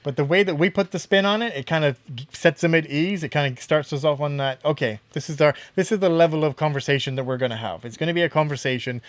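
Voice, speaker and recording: A man's voice: on the high side, quick pace, dry recording. Enthusiastic man co-hosting a podcast. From Canada. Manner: enthusiastic, teasing, short agreements. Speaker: podcast co-host. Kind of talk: casual podcast chat.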